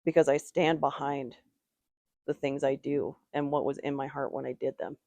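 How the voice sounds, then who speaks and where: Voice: mid-range voice, fairly even intonation, moderate pace, gravelly, dark tone, no echo, dull audio. A tarot reader giving a casual, rambling reading, with strong opinions and lots of "like" fillers.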